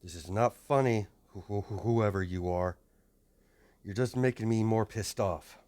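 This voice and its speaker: A man voicing a defiant young dragonkin hero, speaking in low muttered threats. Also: measured pace, darkish tone, close to an everyday voice. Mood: angry.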